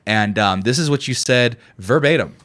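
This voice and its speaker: Animated man hosting a podcast. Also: mid-range voice, moderate pace. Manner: animated, laughing, plugging the show. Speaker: podcast host. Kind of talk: casual podcast banter.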